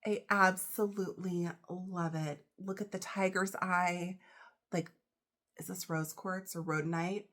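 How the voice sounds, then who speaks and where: A woman, getting over a cold, unboxing jewelry in a casual vlog, gushing and emotional with gasps and soft whispers. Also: fairly low pitch, fairly even intonation, measured pace. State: recovering from a cold. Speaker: reseller vlogger.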